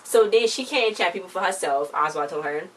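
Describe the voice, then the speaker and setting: A woman's voice: lowish voice, lively intonation, a little fast. A young woman in a casual review, rambling through a TV episode and slipping into playful quoted voices. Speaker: TV show reviewer. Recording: distant mic, faint background noise.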